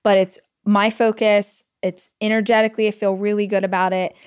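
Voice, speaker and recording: A woman's voice: medium pitch, a little fast, clean tone. Chatty woman hosting a solo podcast. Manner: chatty and animated, with frequent "like" fillers; retells stories with quoted inner speech. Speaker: podcast host. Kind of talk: casual solo podcast storytelling.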